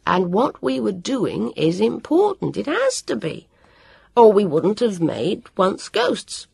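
A woman's voice: mid-range voice, huge pitch swings, slow pace, gravelly, darkish tone, husky, dry recording, voice pushed up, exaggerated voice. A woman voicing a self-important young boy who talks in an airy, questioning way, read aloud in an audiobook. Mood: lordly.

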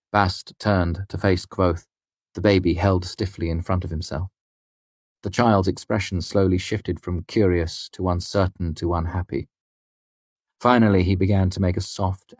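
Male audiobook narrator, very low voice, dry close recording, measured delivery. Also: a little mellow, no echo. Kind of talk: scripted narration.

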